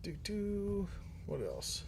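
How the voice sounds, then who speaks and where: A man's voice: high-pitched, huge pitch swings, takes it slowly, vocal fry, background noise. A man hosting a livestream who answers viewer questions in a rambling, joking way, swearing often and using many fillers. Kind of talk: casual live-stream chat.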